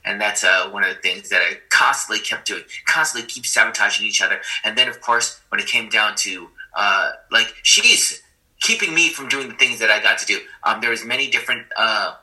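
A man telling his life story in an easygoing, self-deprecating way, trailing off into ums and uhs. His voice sits a little low but rings very bright and forward. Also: expressive, a little fast, low-quality recording. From Puerto Rican and Haitian family. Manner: conversational and self-deprecating, many fillers. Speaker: school teacher. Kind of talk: personal storytelling, testimony.

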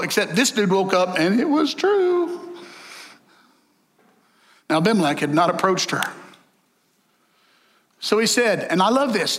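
A male preacher giving a folksy, animated sermon and joking with the congregation. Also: high-pitched, measured pace, long pauses. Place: church sanctuary. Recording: echoey hall.

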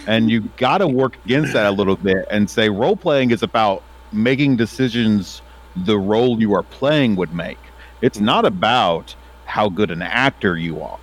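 A man's voice: fairly low pitch, animated, moderate pace. A man explaining his view on role-playing in an earnest, explanatory manner during a casual chat.

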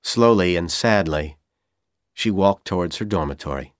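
A man from Iran with a Persian accent, whose first language is Persian, reading an English storybook aloud in a clear, deliberate way for learners. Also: low-pitched, animated, dry recording, studio quality. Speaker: audiobook reader for English learners. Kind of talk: slow audiobook narration.

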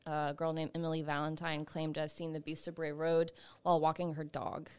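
A woman's voice: sits low, little pitch movement, a little fast, a little mellow, smooth. A woman co-hosting a casual podcast, reading out witness reports between laughs and swearing. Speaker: podcast co-host.

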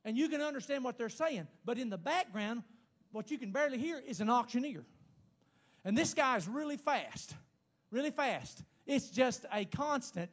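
Man, sermon, very high pitch, emphatic, repetitive. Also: lively intonation. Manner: emphatic, repetitive, rising to shouts; pauses to speak in tongues. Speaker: preacher.

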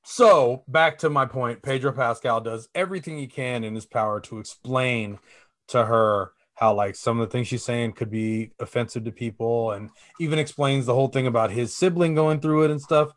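A man's voice: medium pitch, moderate pace. A young man co-hosting a casual podcast chat, telling long rambling stories with lots of fillers and casual swearing. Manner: rambling storyteller, swears freely, many fillers. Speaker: podcast co-host.

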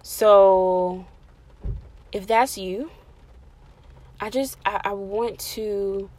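A woman in the middle of a sermon, preaching with real passion. Her voice sits at a medium pitch and surges loud on declarations, then drops soft and close when she pleads. She repeats her key phrases over and over for emphasis. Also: fairly even intonation, extremely slow, a little hiss or hum. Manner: impassioned, shifting between loud emphasis and soft intimate pleading.

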